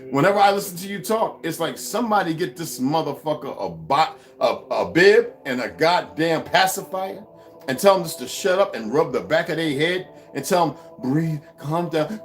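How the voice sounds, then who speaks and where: Faint music plays behind an American man at normal speed as he delivers a heated vlog rant. It's a profane monologue packed with swearing and mockery, his pitch swinging lively throughout.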